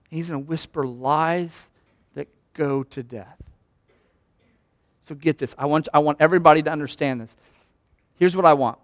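A man preaching an impassioned Easter sermon as pastor, swinging from hushed talk to shouts. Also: fairly high pitch, moderate pace, pauses often, no room sound, clean studio sound. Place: church sanctuary.

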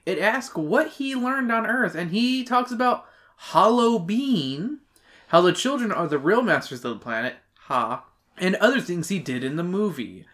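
Crude joking man with a lively voice. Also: sits high, moderate pace. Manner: crude, joking, swears a lot, reads chapter summaries. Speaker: podcast co-host. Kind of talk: casual book-review chat.

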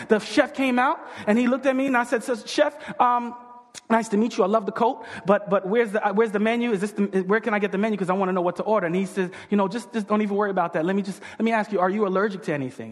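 A pastor telling a story in his sermon, acting out the voices of the people in it. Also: high-pitched. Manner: animated, acts out quoted voices. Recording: long hall reverb.

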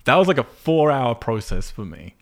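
A man's voice: mid-range voice, normal speed. A man chatting casually on a podcast, telling frustrated stories with lots of swearing and acted-out exclamations. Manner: animated storyteller, swears freely, acts out frustration. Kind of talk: casual podcast chat about a video game.

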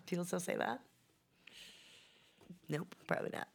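A woman's voice: on the low side, moderate pace, creaky. A woman co-hosting a podcast, tossing in dry, quippy asides in casual banter. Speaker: podcast co-host.

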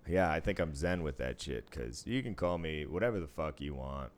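A man's voice: very deep voice, expressive, moderate pace. A man in his thirties telling a story in casual chat, blunt and profane.

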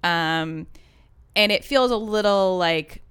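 A woman's voice: mid-range voice, slow pace, fairly bright tone, clear, resonant tone. A woman co-hosting a casual chat about ads, talking loosely with lots of fillers and restarts. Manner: chatty, many fillers and restarts. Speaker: podcast co-host.

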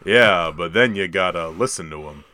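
A man co-hosting a casual podcast who makes dry jokey asides and pauses on fillers. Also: sits low, sharp tone, dry recording. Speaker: podcast co-host. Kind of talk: casual chat.

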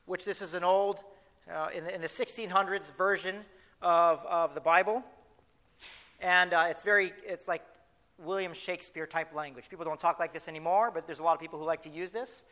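A man preaching a sermon as pastor, lively and emphatic, slowing down to read scripture aloud. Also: high-pitched, long reverb tail.

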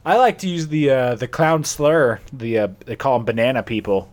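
A man's voice: mid-range voice, moderate pace, darkish tone. A man co-hosting a comedy podcast, rambling through mock-serious warnings with laughs and fillers. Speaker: podcast co-host.

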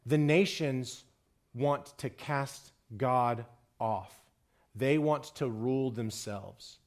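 A man delivering a sermon in an ordinary middle-pitched voice. He builds in pitch and volume when he drives a point home, then sinks low and soft for the grave lines. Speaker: preacher.

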